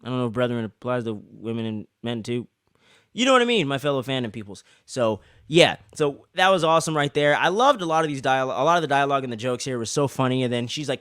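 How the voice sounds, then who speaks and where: A man co-hosting a casual review show, rambling and swearing as an excited fan. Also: medium pitch, fast, clear, resonant tone, no echo, clean studio sound. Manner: rambling, profane, excitable fan talk with many fillers. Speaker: podcast co-host reviewing an episode.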